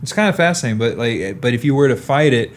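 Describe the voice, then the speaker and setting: Young guy hosting a podcast, animated storyteller, average pitch voice. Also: a little hiss or hum. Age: young adult. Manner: animated anecdote-telling, quick asides. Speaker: podcast host. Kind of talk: casual storytelling interview.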